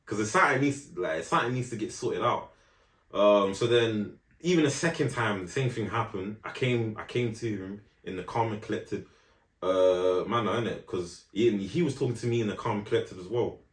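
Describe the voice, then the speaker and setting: Young man, animated storyteller. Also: fairly low pitch, normal speed, reverberant. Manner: animated storytelling, London slang, many "do you know what I'm saying" asides. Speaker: podcast co-host. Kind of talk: casual chat.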